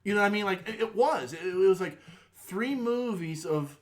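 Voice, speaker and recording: A man co-hosting a podcast in casual chat, halting with many repeated starts. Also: high voice, lively intonation. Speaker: podcast co-host.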